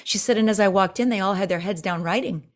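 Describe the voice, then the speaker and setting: A woman coach talking in a casual interview, telling stories with lively swings in her voice. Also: fast. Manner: animated storyteller, acts out quotes with big pitch jumps. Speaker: presentation coach, guest.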